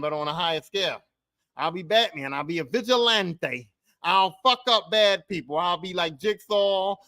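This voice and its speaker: A man hosts a podcast, his voice pitched high and bright. He rants in a profane, animated comic monologue, dropping to low mutters and then bursting out loud. The recording is close and dry, with no room echo. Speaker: podcast host. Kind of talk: casual comedic monologue.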